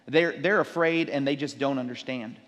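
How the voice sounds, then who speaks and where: A man preaching a sermon as a pastor, animated, acting out the people in his story. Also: mid-range voice, moderate pace, long reverb tail. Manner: animated preaching, acts out disciples' sarcasm.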